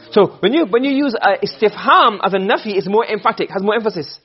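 Fast-talking male teacher, high voice. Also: breathy edge, lo-fi sound. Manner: explains by asking students questions. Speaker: Arabic rhetoric teacher. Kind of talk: classroom lecture.

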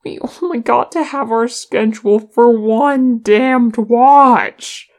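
A woman's voice: fairly high pitch, takes it slowly, a little mellow, pitched above the performer's own voice. A woman voicing a moaning, sulky dwarf. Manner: moaning, whining.

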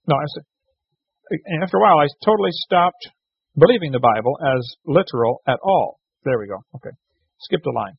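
Man, radio host, chatty and joking, husky voice, dry dull recording. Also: a little high, lively intonation, brisk, no echo. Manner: chatty, jokey, reads letters aloud and corrects himself. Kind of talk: casual radio talk, reading listener letters.

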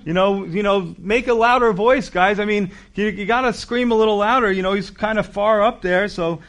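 A preacher voicing a male prophet who sarcastically goads his rivals to shout louder. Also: high voice, normal speed, voice pushed up. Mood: mocking. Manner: sarcastic, goading.

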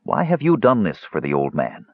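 Man doing a cautious half-elf, questioning, husky, lively pitch, muffled sound. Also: moderate pace, no room sound, full character voice. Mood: wary. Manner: questioning, wary. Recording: dull lo-fi audiobook recording.

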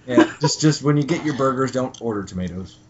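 A young man co-hosting a podcast, chatting casually and profanely about a cartoon episode and acting out the characters in squeaky voices. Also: animated, fairly quick, a little hiss or hum. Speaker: podcast co-host. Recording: dull lo-fi podcast recording.

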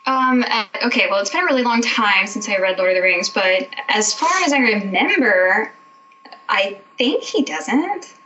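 A woman's voice: medium pitch, animated, moderate pace, sharp tone. Young woman, hedging casual chat. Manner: hedging, thoughtful, self-correcting. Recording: dull lo-fi sound with faint noise.

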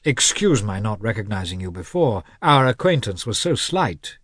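A man's voice: lowish voice, big pitch swings, normal speed, fairly bright tone, slightly rough, dry recording, studio quality, exaggerated voice. A man reading a polite, reserved young officer in near his own voice. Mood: courteous. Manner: courteous, a touch cool.

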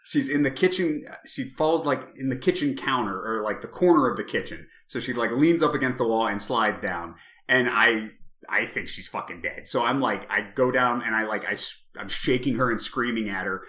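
A man in his thirties tells a story in casual chat, swearing freely and leaping into shouts as he replays the scene. His voice is bright and forceful, with a middling pitch. The sound is roomy and echoey. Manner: animated, profane, swings to shouting in retold moments. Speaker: podcast co-host.

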